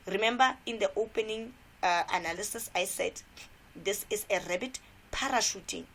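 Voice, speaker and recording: A woman's voice: on the low side, a bit bright, husky. A South African woman teacher giving an exam revision lesson, repeating key points and asking rhetorical questions.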